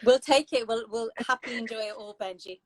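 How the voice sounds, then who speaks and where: A woman's voice: on the high side, quick pace, no echo, rough recording. A woman hosting an online open mic over a video call, speaking in an encouraging, supportive way. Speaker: host.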